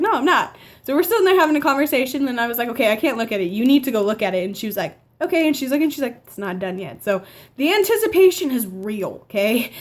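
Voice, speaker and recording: Teen girl telling a storytime at home into her camera, lively and chatty, kinda high voice. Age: teens. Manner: chatty, animated retelling with quoted dialogue. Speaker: vlogger. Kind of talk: casual storytime vlog. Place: home living room by a window.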